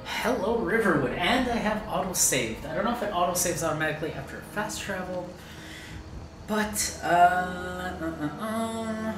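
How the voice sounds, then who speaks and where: A woman's voice: fairly low pitch, lively intonation, normal speed, reverberant, music in the background, low-quality recording. A woman hosting a gaming video, chatting casually over her play and thinking aloud with fillers. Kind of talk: casual gameplay commentary.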